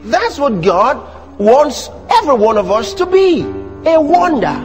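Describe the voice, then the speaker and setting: A man with a Nigerian accent preaching a sermon in church, animated and teasing the congregation. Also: very high voice, a little slow, big-room sound. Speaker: pastor. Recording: music playing behind the sermon.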